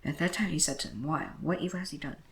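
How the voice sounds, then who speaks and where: A man reading scripture aloud in a brisk way, often slipping and correcting himself as he goes. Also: on the high side, fairly bright tone, low-quality recording. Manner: brisk reading with frequent slips and self-corrections. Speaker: Bible reader.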